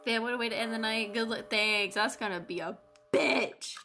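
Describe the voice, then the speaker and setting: A woman's voice: a little high, normal speed, pushed and bright. A woman streaming a game, chatting casually and swearing freely as she plays. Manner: profane, laid-back.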